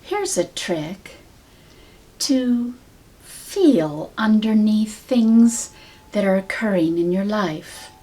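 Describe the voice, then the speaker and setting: Slow, calm woman teaching. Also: medium pitch. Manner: calm, measured, soft-spoken. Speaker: sound healing teacher.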